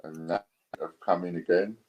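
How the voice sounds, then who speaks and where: A British man hosting a casual live stream, relaxed as he counts down bids. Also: deep voice, moderate pace, lo-fi sound. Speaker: live stream host running coin auctions.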